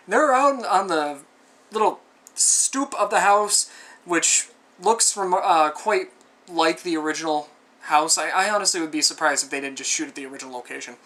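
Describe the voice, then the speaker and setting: A movie reviewer with a fairly high, sharp-toned male voice rambles through a casual spoken film review. He sounds exasperated and sarcastic, drifting conversationally and tossing in frequent asides.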